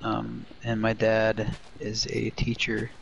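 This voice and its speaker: Gravelly young man on a dull mic. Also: lowish voice, completely flat delivery, slow, a little hiss or hum. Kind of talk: casual chat.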